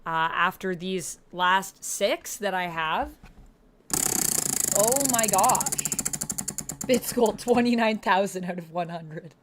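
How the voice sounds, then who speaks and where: A woman streamer chatting casually on a livestream, effusively thanking viewers with excited outbursts. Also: mid-range voice, takes it slowly, slight background noise.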